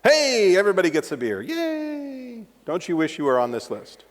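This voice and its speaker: Middle-aged man, conference speaker, lively and joking live-coding delivery, high voice with long hall reverb. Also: fast. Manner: animated and joking, with asides to the audience. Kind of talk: live-coding tech talk.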